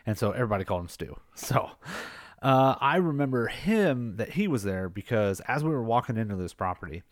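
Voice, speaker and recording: A man's voice: medium pitch, sing-song, fairly quick, no echo, studio quality. Rambling ex-firefighter man telling a story. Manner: rambling, filler-heavy, laughs at his own story. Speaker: podcast host, former firefighter. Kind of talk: casual spoken storytelling.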